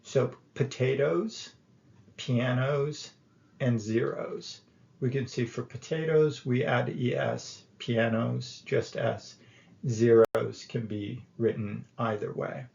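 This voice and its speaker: Male grammar teacher, deliberate and unhurried, gravelly tone. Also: medium pitch, fairly even intonation, darkish tone, reverberant. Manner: slow, deliberate, with pauses and filler. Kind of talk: explaining grammar lesson. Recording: dull lo-fi recording.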